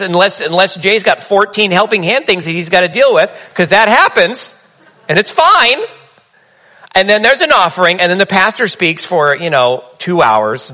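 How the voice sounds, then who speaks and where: A man's voice: high-pitched, pushed and bright. A man preaching a sermon in a conversational, humorous storytelling manner. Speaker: pastor.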